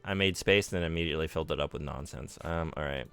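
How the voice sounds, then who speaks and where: Low-voiced man chatting on a game stream. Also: quick pace, fairly bright tone, soft background music. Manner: chatty, self-deprecating, reads and answers chat. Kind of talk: casual live-stream chat while gaming.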